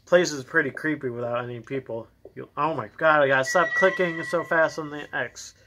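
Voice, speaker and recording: A man's voice: fairly high pitch, fairly quick, noisy background. A young man playing a video game, reading its dialogue aloud in his own voice and cracking jokes between lines. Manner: jokey, reads all characters in his own voice. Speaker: let's play gamer.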